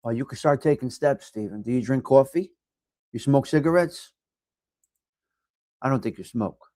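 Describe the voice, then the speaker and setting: A middle-aged man with a New York accent hosting a casual live chat, giving blunt, profane tough love to viewers and swinging from low mutters to loud outbursts. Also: moderate pace, no room sound, clean studio sound. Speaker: livestream host reading chat.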